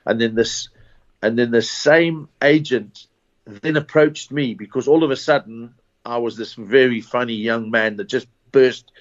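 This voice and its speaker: Rambling South African comedian. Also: male voice, medium pitch, unhurried. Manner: rambling anecdotes with false starts and laughs. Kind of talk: casual interview storytelling. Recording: dull lo-fi recording.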